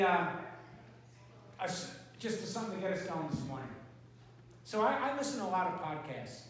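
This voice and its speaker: A pastor with a high, fairly bright voice gives casual announcements and a short sermon in a church sanctuary. He is chatty and rambling, with lots of fillers. The recording is distant and echoey, with faint noise.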